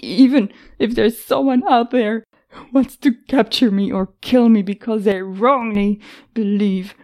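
A woman voicing a brave, guarded young woman who rescues people, sarcastic and quick with retorts. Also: medium pitch, a little mellow, lightly acted.

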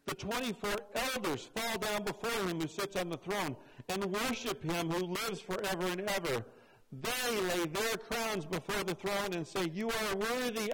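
A man's voice: high-pitched, background noise. A man teaching a Bible study, reading a passage aloud and then explaining it with emphatic repetition.

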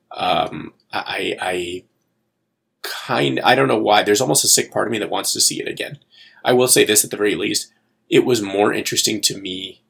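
Podcast co-host, male; low, gravelly, husky voice; deadpan, exasperated review. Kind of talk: casual movie review chat.

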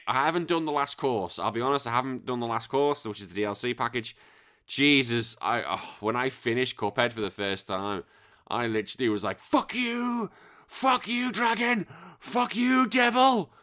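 A middle-aged English man hosting a podcast, reading out listener messages in casual chat and bursting into loud sworn exclamations. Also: medium pitch. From England. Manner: animated, swears freely, bursts into loud exclamations. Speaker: podcast host.

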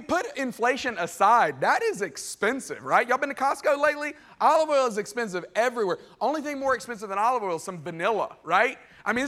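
A man preaching a sermon in a lively, conversational way, acting out characters and tossing asides to the crowd. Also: high-pitched. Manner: acts out characters in quick voiced exchanges. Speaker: pastor.

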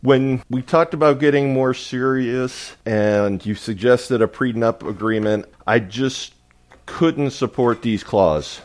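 A man co-hosting a podcast, delivering puns slowly with many hesitations. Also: mid-range voice. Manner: slow, hesitant with many uhs. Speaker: podcast co-host. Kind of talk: casual pun-swapping chat.

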